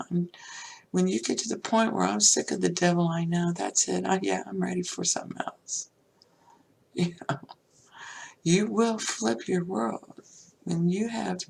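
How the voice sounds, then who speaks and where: Older woman, podcast host: gravelly, husky voice, rambling and heartfelt. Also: mid-range voice. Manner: rambling, heartfelt, many fillers. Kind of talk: personal spiritual talk.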